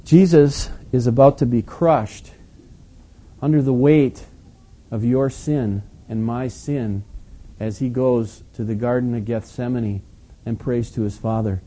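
A male pastor delivering an animated, emphatic sermon with conversational asides. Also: medium pitch, measured pace.

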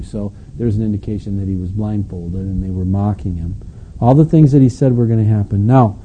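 A middle-aged male pastor from delivers a sermon. His voice is very dark, mellow and somewhat husky. He moves between reading scripture and explaining it in a relaxed, storytelling way. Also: lowish voice, moderate pace, rough recording. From Wisconsin, United States. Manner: storytelling preacher, reads scripture then explains it conversationally.

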